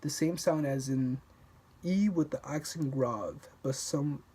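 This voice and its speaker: A man reads a language textbook aloud at an unhurried pace, his voice dark and a little husky. He goes over practice words again and again, stumbling and restarting mid-sentence like a learner working through the page alone. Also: mid-range voice. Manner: repeats words to practice pronunciation. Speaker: self-study language learner.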